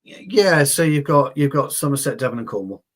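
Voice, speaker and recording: A man's voice: mid-range voice, expressive, a little fast. A man co-hosting a casual livestream chat, chatty and repeating words for emphasis. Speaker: co-host.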